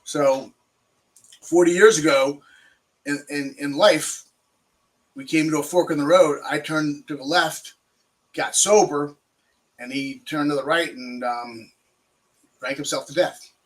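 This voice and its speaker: Older man, halting and higher-pitched. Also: steady tone, poor audio. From Maryland, USA. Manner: halting, many fillers and restarts. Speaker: guest. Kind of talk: personal recovery story.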